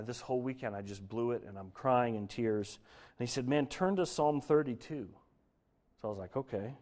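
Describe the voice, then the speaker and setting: A young man from Denver giving a sermon, telling a personal story in an earnest way that grows lively as he preaches. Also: medium pitch. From Denver, Colorado. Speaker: pastor.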